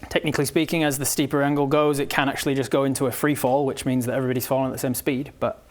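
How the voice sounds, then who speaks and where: A man running a tabletop game as game master, narrating the action in a lively way and often laughing. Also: mid-range voice, racing.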